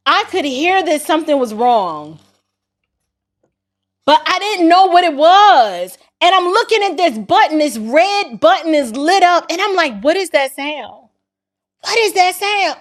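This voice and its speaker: A woman hosting a casual livestream, laughing hard and breaking up as she talks. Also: sits high. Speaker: livestream host.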